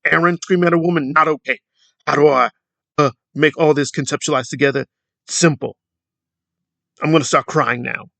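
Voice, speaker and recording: A man's voice: fairly high pitch, steady tone, normal speed, gravelly, long pauses, fairly bright tone, dry recording. A man putting on the voice of a whiny, self-pitying grown man who complains plaintively and threatens to cry. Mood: whiny bluster. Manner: whining, plaintive, mock-tearful.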